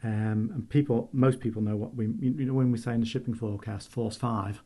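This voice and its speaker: Manx guy in his 60s, warm mellow voice, chatty funny weather stories on the radio. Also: medium pitch, steady tone, fairly quick. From Isle of Man. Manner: chatty, humorous storyteller. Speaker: retiring meteorologist, interview guest. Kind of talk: anecdotal radio interview.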